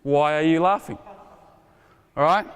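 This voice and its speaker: A man in his forties runs a basketball drill, energetic and quick with a joke as he calls instructions to players. His voice sits a little high. It rings with the long reverb of an indoor court, with balls bouncing behind him. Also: smooth. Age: 40s. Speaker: basketball coach. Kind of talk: coaching clinic demonstration. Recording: reverberant gym hall.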